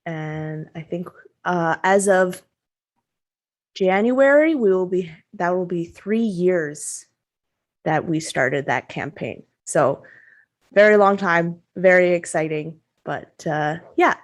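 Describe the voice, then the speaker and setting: A woman introducing herself as a player in a tabletop game, excitable and chatty. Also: on the low side, slow pace. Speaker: player and content creator. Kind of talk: casual stream intro.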